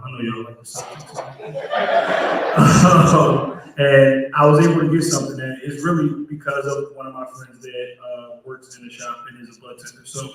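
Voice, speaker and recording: A man's voice: medium pitch, far from the mic. A man speaking casually to a live audience, introducing guests, his voice a little worn after losing it. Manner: relaxed, chatty, addresses crowd directly. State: slightly lost voice. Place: large hall at a community college. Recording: very echoey hall with crowd. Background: faint crowd.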